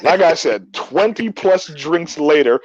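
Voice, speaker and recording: A man telling a rowdy story to his friends on a podcast. He talks in a boisterous, profane way and gets loud when he quotes himself. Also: fairly high pitch, animated, unhurried, muffled recording. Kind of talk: casual storytelling among friends.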